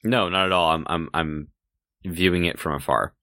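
A man's voice: low voice, moderate pace, bright, forceful tone, no room sound. A man playing a tabletop role-playing game, talking hesitantly and saying 'like' a lot. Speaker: player.

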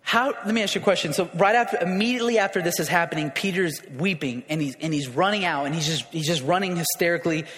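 A man preaching a sermon in a conversational way, often restarting and asking the crowd questions, rising louder for emphasis. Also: a little high, quick pace, hardly any pauses. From raised in a city. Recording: long hall reverb.

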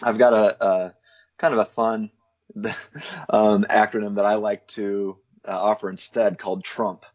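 A low, husky-voiced man talks through theological ideas with an easy, explanatory manner, now and then breaking into a light laugh. The audio is dull and lo-fi. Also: level tone, unhurried, darkish tone. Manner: thoughtful, explanatory, laughs between points. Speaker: guest, Christian philosopher. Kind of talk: casual theological interview.

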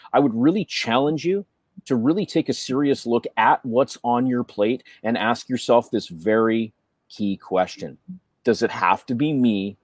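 A man co-hosting a business show, talking in an animated way with rhetorical questions. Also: medium pitch, no room sound, clean studio sound. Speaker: co-host. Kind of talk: business podcast chat.

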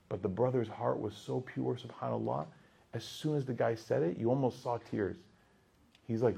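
Husky man teaching an animated class. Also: medium pitch, moderate pace. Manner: animated, shifts from loud emphatic to hushed. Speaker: Islamic teacher. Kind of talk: lively class talk with storytelling.

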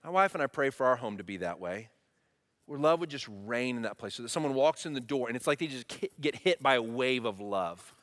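Man, pastor, animated sermon, bright forceful voice, long hall echo. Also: medium pitch, fairly quick. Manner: animated preaching, asks the congregation questions.

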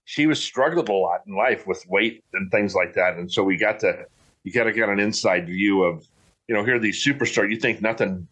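Middle-aged guy, lowish voice, rambly folksy chat, lots of restarts. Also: a little fast, fairly bright tone, slightly rough. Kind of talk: casual chat.

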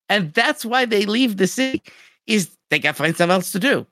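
A podcast co-host in casual chat, recapping a story in an animated way with lots of "like". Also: medium pitch, normal speed, dry recording, studio quality.

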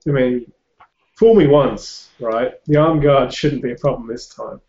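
A man at a mid-range pitch chats as a player in an online tabletop game. He thinks aloud and hesitates with frequent ums. The call sounds dull and lo-fi. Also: measured pace, dark tone. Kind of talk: casual tabletop game chat. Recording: dull lo-fi voice chat.

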